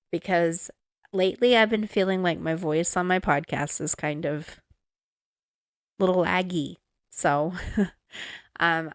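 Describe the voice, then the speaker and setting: Young female home podcaster, self-conscious and chatty, unhurried delivery, dry handheld mic sound. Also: fairly low pitch, dry recording. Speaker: podcast host. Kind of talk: casual recipe reading. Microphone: handheld mic, moved around.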